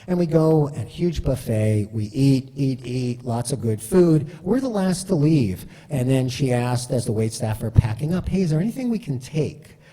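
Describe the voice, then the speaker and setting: Male speaker, mellow tone, animated storytelling, hall reverb. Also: medium pitch, moderate pace, hardly any pauses. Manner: chatty, self-deprecating, animated. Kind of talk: storytelling talk.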